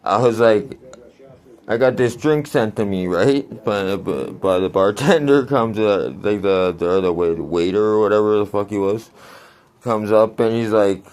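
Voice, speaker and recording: A man's voice: fairly low pitch, unhurried, darkish tone. A man in his forties telling a rambling, crude story in a casual vlog, laughing often. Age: 40s. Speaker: vlogger.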